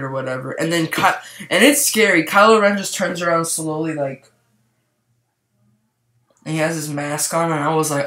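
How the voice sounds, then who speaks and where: A man giving a casual movie review to camera, rambling and excited, with lots of "like" fillers. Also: fairly high pitch, normal speed, pauses often. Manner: rambling, excitable, heavy use of "like". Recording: roomy echo.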